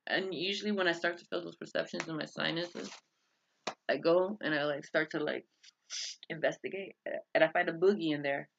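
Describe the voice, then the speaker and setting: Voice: medium pitch, steady tone, brisk, creaky, fairly bright tone. A vlogger from the United States talking in a casual, rambling monologue that drifts between tangents and breaks off mid-thought. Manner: rambling, tangential, self-interrupting. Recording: dull lo-fi recording.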